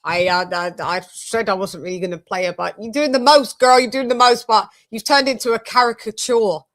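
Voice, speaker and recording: A woman's voice: on the high side, fairly even intonation, a little fast, a bit bright. A young woman from the UK hosting a casual live-stream boxing show, loose and jokey, swearing and drifting between topics. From United Kingdom.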